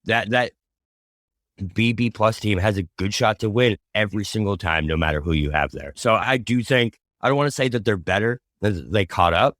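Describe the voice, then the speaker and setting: A man's voice: on the low side, normal speed, fairly bright tone, no echo, studio quality. A man co-hosting a casual sports podcast, talking earnestly and rambling through his opinions. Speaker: podcast co-host.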